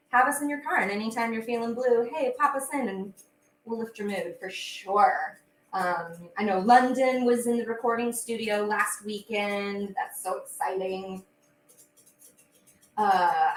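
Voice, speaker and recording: A woman's voice: mid-range voice, a bit bright, a little hiss or hum. A young woman hosting a casual livestream while she bakes, chatty and bubbly with frequent fillers. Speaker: host and singer. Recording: echoey room with faint ambience.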